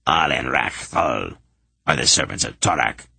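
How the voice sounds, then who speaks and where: A man's voice: rumbling low, expressive, a little slow, creaky, sharp tone, husky, no echo, voice pushed down, full character voice. A man reading an audiobook, voicing a harsh, suspicious masked priest who questions strangers. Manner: harsh, demanding.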